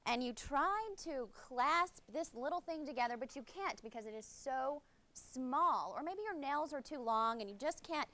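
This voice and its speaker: A woman's voice: sits high, lively intonation, normal speed. A young woman with an Alabama Southern accent, a host candidate talking earnestly and demonstrating a product on air. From Alabama, USA. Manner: upbeat, earnest, warmly persuasive. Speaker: host candidate, news anchor.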